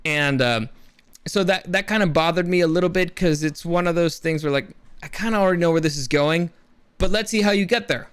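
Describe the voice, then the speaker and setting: A man's voice: on the high side, fairly quick, a bit bright, smooth, dry recording. A young man casually reviewing films, rambling and enthusiastic, with many restarts. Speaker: movie reviewer. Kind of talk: casual spoken film review.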